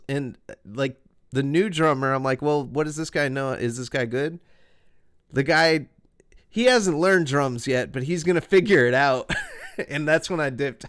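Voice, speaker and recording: A man in his twenties, a musician guest, telling stories in a casual, profane, animated way with bursts of laughter. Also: mid-range voice, moderate pace. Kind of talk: casual storytelling.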